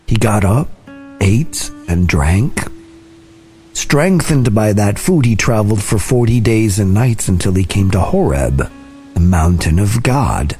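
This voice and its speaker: A man reading scripture aloud in a slow, deliberate, soft-spoken way. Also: lowish voice, expressive. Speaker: scripture reader. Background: soft guitar music.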